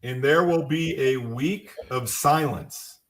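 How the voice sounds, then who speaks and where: A man's voice: mid-range voice, slow pace, fairly bright tone. A man co-hosting a podcast, chatting casually and making fun of himself. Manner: joking, self-mocking. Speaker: podcast co-host. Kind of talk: casual chat.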